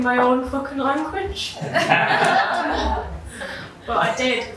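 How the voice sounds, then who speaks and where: Slow, laughing woman telling a story. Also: sits high, bright, forceful tone, a little hiss or hum. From Britain. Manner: self-deprecating, swears casually, laughs through her lines. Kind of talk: live storytelling performance. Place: live gig venue. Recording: echoey room, voice from far off.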